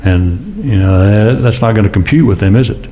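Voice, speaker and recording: Male pastor, lowish voice, conversational sermon that jumps up in pitch for emphasis. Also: lively intonation, moderate pace, dark tone, a little hiss or hum. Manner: conversational, with rhetorical questions and sudden rises in pitch.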